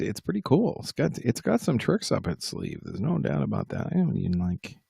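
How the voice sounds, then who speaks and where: Gravelly-voiced man chatting on a livestream. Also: on the low side, darkish tone, no room sound, studio quality. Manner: rambling, self-mocking, talks straight to the chat. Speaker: livestream host and musician. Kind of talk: casual live-stream chat with viewers.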